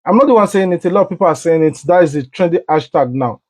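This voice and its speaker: Earnest high-voiced vlog host. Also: male voice, animated, fast talker. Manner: earnest, addressing viewers directly. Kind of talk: commentary to camera.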